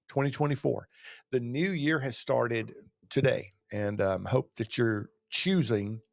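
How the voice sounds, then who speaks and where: A man's voice: mid-range voice, dry recording, studio quality. A middle-aged man from Georgia with a Southern accent, talking casually to camera as a channel host, rambling with fillers and restarts. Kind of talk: casual motivational talk to camera.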